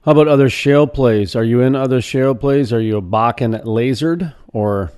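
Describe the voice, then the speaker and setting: A man's voice: mid-range voice, normal speed, a little mellow, smooth. A man hosting an interview, asking long rambling questions with restarts. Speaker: radio show host.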